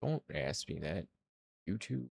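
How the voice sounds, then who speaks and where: A man's voice: deep voice, very animated, unhurried, gravelly, darkish tone, breathy edge, dry recording, clean studio sound. A man streaming his indie game development, chatting to viewers in a hyped-up, rambling way. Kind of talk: casual livestream chat.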